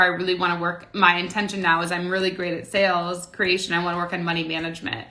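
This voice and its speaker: A woman in her late twenties coaches on manifestation in a loose, rambling monologue. Her voice sits a little low but rings bright and forceful. She circles back on her own phrases and leans on "like" as she talks. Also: level tone, quick pace, hardly any pauses. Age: late 20s. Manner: rambling, repeats phrases, heavy use of "like". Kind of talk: casual motivational talk to camera.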